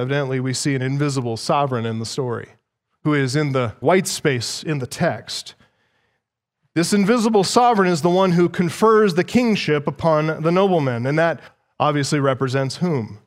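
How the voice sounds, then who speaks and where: Higher-voiced man preaching a sermon. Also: normal speed, big-room sound. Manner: teaching, asks the listeners questions. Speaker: pastor. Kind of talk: expository sermon.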